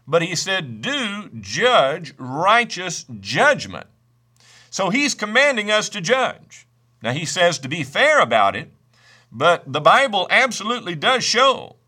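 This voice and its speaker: Male preacher, high bright voice, animated, emphatic sermon delivery. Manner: emphatic, slows to stress scripture; reads scripture in old-fashioned wording.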